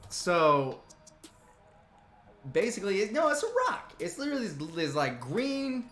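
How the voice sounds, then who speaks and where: A man with a bright, forceful voice telling a funny story to his live chat, wandering off track and circling back as he goes. His voice rings in a roomy, echoey space, with faint music playing underneath. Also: high-pitched, sing-song, a little slow. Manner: rambling, self-interrupting, playful teasing of the audience. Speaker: live stream talk show host.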